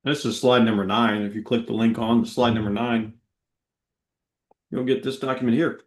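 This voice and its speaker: Patient male slide presenter, mid pitch, roomy echo on the call. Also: flat delivery, normal speed. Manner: patient, instructional. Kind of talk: webinar presentation. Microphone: video call. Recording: echoey room sound.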